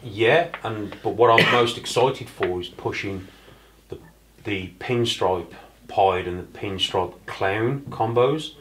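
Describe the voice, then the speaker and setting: A man chatting casually at a round table about breeding snakes, talking haltingly with many fillers and restarts. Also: fairly low pitch, a bit bright, a little hiss or hum, rough recording.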